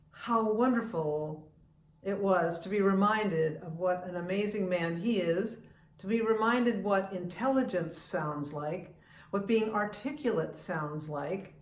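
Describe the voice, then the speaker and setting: An American woman in her seventies, a vlogger and humorist, talks casually to camera on her own vlog, chatty and opinionated, often restarting her sentences. Her voice is medium-pitched, in an echoey room.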